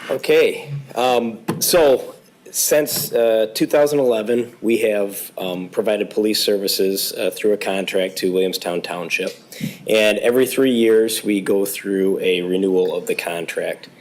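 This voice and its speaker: A man serving as police chief, his voice going hoarse, speaks low and haltingly, filling pauses as he reports to a township board. He sounds like he is talking at a meeting-room microphone. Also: poor audio. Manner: halting, many fillers. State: losing his voice.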